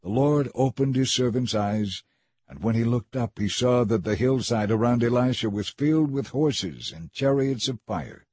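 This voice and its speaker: Husky guy reading a bible story, dry close sound, steady pace. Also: medium pitch, moderate pace, dry recording. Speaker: audiobook reader. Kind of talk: scripted scripture narration.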